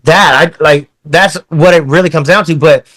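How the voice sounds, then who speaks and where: Podcast host, male, slightly higher voice, rambling and profane. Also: normal speed, a bit bright. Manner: rambling, profane, many restarts. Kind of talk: casual chat.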